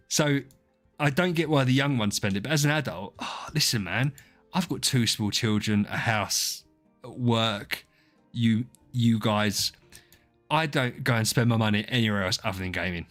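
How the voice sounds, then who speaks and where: A man in his thirties hosts a live stream, and his middle-pitched voice wanders loosely from one thought to the next. He greets chatters by name and pokes fun at himself. Faint music plays under his talk. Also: a bit bright. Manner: rambling, self-deprecating, talks to chat by name. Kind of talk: casual live-stream chat.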